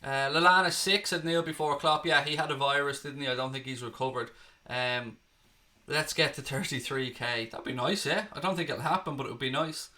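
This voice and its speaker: An Irishman runs a live stream in a mid-range, slightly fast, sharp-toned voice, casually chatting through a watchalong. He reads out viewer comments and responds, letting the occasional swear word slip.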